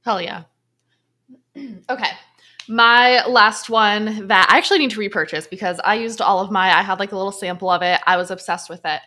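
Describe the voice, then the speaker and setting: A woman's voice: mid-range voice, fairly even intonation, a little fast, pushed and bright. A young woman co-hosting a casual podcast, chatting in a laid-back, self-deprecating way. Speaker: podcast co-host. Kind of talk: casual chat about perfume.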